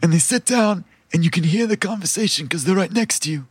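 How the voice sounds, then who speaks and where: A man narrating as game master in a relaxed, chatty, laid-back way. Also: sits high, fairly quick, slightly rough, no room sound.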